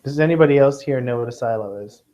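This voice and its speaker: A man from Kentucky teaching a class of students, lively and joking, often checking in with "okay?". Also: mid-range voice, fast talker. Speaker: test prep teacher.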